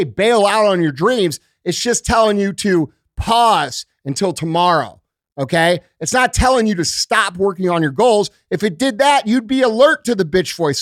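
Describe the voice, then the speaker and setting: A man's voice: high-pitched, no echo, studio quality. A man hosting a motivational podcast, talking bluntly and profanely and ending points with "okay?". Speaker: podcast host. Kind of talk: motivational monologue.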